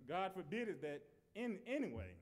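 High-voiced preacher man, talky sermon that keeps circling back on itself. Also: sing-song, moderate pace. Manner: conversational preaching with repetitions and restarts.

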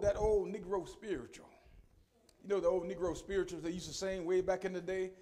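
A middle-aged man preaching a sermon, swinging from quiet conversational asides to shouted, sung peaks and calling on the congregation. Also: high-pitched, fairly quick.

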